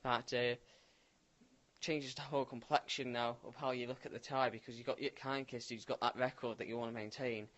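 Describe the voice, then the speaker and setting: A man's voice: mid-range voice, normal speed. A man co-hosting a casual football chat, offering opinions and often tagging his lines with questions. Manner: chatty, tag questions, relaxed opinions. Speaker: co-host.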